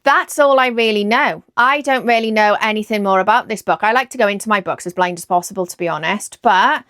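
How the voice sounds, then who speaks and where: A woman with a Welsh accent, chatting excitedly about books she plans to read and often second-guessing herself. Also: medium pitch, fairly quick, no room sound, clean studio sound. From Wales. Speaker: book vlogger. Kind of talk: casual chat about books.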